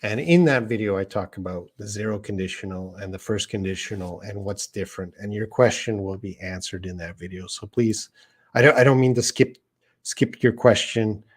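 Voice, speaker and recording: Relaxed man teaching English. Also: fairly low pitch, moderate pace. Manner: casual and conversational, reads viewer questions aloud and answers them. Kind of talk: live-streamed lesson answering chat questions.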